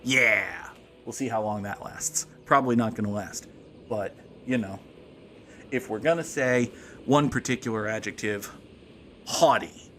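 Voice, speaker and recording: A man's voice: lowish voice, a little slow, long pauses, a bit bright, a little hiss or hum. A man hosting a let's play, giving casual gameplay commentary with jokes, wry asides and frequent laughs.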